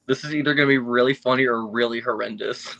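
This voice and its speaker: A man's voice: medium pitch, steady tone, fast talker, vocal fry, bright, forceful tone, highs cut off. A man co-hosting a podcast, joking and a little hesitant as he picks his parts. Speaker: podcast co-host. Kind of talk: casual banter.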